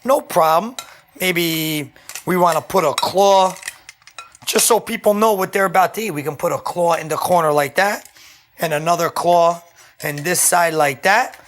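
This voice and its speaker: A man's voice: high-pitched, moderate pace, fairly bright tone. A man hosting a home cooking show, demonstrating a dish in a casual, chatty way and often checking in with "okay?". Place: home kitchen.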